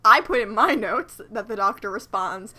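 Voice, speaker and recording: A woman co-hosting a casual podcast chat, sarcastic and quick to swear and laugh. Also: mid-range voice, lively intonation, bright, forceful tone. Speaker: podcast co-host.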